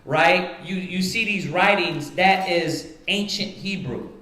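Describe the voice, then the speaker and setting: Slow, high-voiced man teaching in an echoing hall. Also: bright, forceful tone. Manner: rhetorical, repeatedly checks with "right?". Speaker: Bible study teacher. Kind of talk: teaching Bible study to a congregation. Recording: roomy echoing room.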